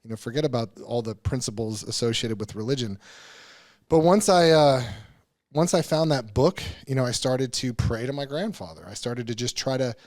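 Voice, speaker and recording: A man's voice: medium pitch, normal speed, darkish tone. A man as a podcast guest, telling a personal story in a candid, earnest way, often restarting his sentences and swearing casually.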